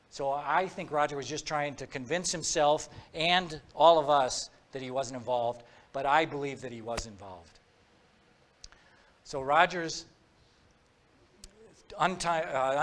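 A man's voice: a little high, a bit bright. A man giving a talk, telling a true-crime story in a conversational way, acting out quoted dialogue. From Minnesota.

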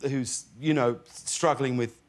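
A British man in his forties, a talk show guest telling stories in halting, animated bursts and acting out quotes. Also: mid-range voice. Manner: animated, halting storyteller who acts out quotes.

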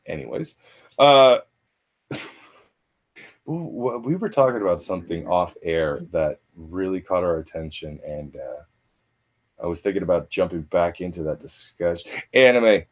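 Man, low voice, north american, casual stream host, rambling, laughs a lot, lots of uh and um. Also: animated, moderate pace, long pauses. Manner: rambling, laughing, many fillers. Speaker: host of a morning stream show. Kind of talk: casual banter on a livestream.

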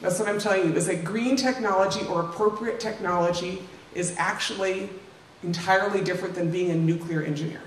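With a medium-pitched, steady voice and a slightly fast pace, an older woman gives an informal slide talk as an invited speaker in a lecture room. Chatty, she fills it with asides and tag questions to listeners. The distant mic sounds roomy, with faint ambience and slight background noise.

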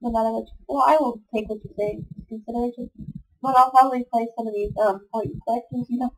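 A woman's voice: fairly even intonation, fast talker. A young woman who is sick and sniffling, rambling chattily over a game recorded on her computer mic. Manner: chatty, self-deprecating, meandering. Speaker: gaming vlogger. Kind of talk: rambling casual chat over gameplay. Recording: low-quality home computer audio.

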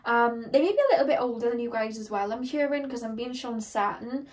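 Young woman, tarot reader, chatty and rambling, fairly high voice. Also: brisk, darkish tone. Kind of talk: casual tarot reading.

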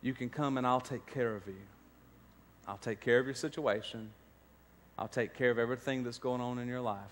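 Pastor preaching in a reverberant church. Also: male voice, mid-range voice, steady tone, brisk. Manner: storytelling, rising to emphatic preaching. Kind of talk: sermon. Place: church sanctuary.

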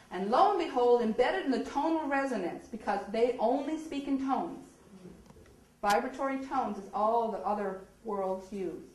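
A woman from Nova Scotia tells an audience her story, acting out the dialogue with laughter. Her voice sits somewhat high. The hall around her is roomy and echoey. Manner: animated, acts out quoted dialogue with laughs. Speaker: speaker telling her story.

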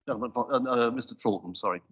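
Male committee chair, brisk procedural delivery on a desk mic in a council chamber, dull lo-fi stream. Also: medium pitch, husky. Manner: brisk, businesslike with dry asides. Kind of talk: formal meeting procedure. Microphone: desk microphone.

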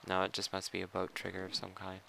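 Playing a video game, a man offers loose, rambling commentary, thinking aloud and teasing himself. His low, gravelly voice is sharp in tone and totally flat, delivered quickly over slight background noise.

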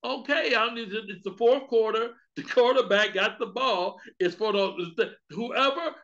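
A man's voice: high voice, moderate pace, bright, forceful tone, muffled recording. A man voicing a husband glued to a football game, making offhand excuses. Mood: stalling. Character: distracted husband watching football.

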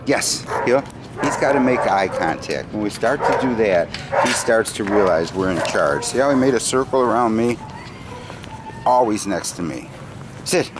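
A man's voice: fairly low pitch, animated, moderate pace, noisy background. A man working as a dog trainer outdoors, giving short firm commands and lifting into sing-song praise while he explains the training. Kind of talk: dog training demonstration with commentary. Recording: outdoor recording with clear background ambience.

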